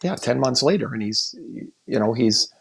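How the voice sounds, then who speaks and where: A man's voice: medium pitch, animated, moderate pace, gravelly, slightly rough. A man co-hosting a hockey podcast, talking casually and candidly, thinking aloud with frequent restarts as he gives his analysis. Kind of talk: casual sports chat.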